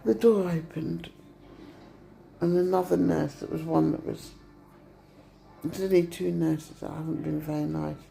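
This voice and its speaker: A woman's voice: low voice, fairly even intonation, a little slow, creaky, long pauses, dark tone. A tired middle-aged woman venting in a casual vlog from a hospital room, upset and retelling what was said to her. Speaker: vlogger.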